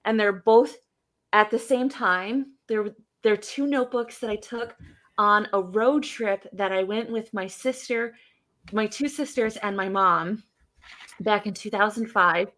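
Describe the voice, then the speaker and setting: A woman in her thirties from Michigan, co-hosting a casual podcast and telling stories at an unhurried pace. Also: medium pitch, a bit bright. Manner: unhurried storyteller, reads old notes aloud. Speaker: podcast co-host. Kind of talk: casual chat.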